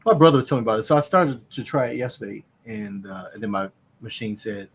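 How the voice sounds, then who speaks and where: A man's voice: fairly low pitch, fast, slight background noise. A man co-hosting a casual live stream, joking around and calling out to the others.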